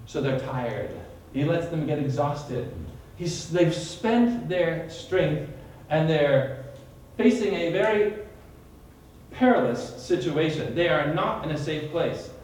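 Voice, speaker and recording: A high-voiced man teaching a small group in sermon style, animated and full of questions for his listeners. He is caught from a distance in a very roomy, echoing space. A faint hiss runs underneath. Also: slow. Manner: animated, quizzes listeners by name, dramatic retelling. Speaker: Bible study leader. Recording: echoey room from far off.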